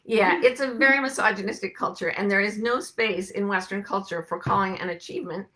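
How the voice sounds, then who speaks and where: Talking fairly quickly in a pushed, bright, medium-pitched voice, a woman hosts a laid-back live video stream through her webcam. Frequent laughter punctuates her greetings and chat with viewers.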